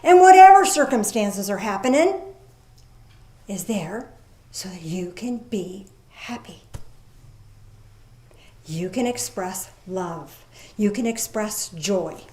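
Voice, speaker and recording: A woman preaching a sermon in a lively, folksy way, reading scripture aloud slowly and commenting with casual asides. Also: medium pitch. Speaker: pastor. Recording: echoey room.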